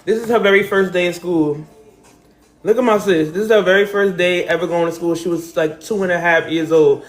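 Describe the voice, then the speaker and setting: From her home, decorated with balloons and pictures, a New Jersey woman hosts a casual livestream and speaks emotionally and directly to her viewers. Her voice is on the low side and fairly quick.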